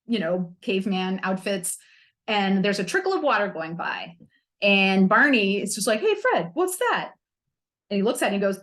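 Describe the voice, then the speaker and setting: A woman's voice: mid-range voice, a bit bright. A woman hosting a self-help podcast, talking candidly and with humor, using playful slang. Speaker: podcast host.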